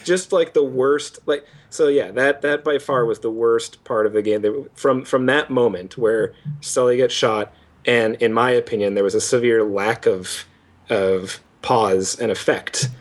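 Young male podcast co-host, animated game critic, mocks lines in silly voices. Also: mid-range voice, measured pace. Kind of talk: casual game review chat.

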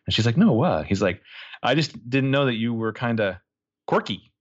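A man co-hosting a podcast in casual chat, recapping a TV episode and animatedly acting out the characters' lines. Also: mid-range voice. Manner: animated, acts out characters' lines in quick voices. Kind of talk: casual chat, retelling scenes. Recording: dull lo-fi sound.

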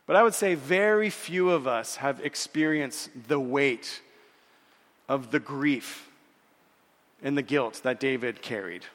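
A man preaching a sermon in an earnest way, repeating words and slowing down when he quotes scripture. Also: mid-range voice, a bit bright, big-room sound. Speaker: pastor.

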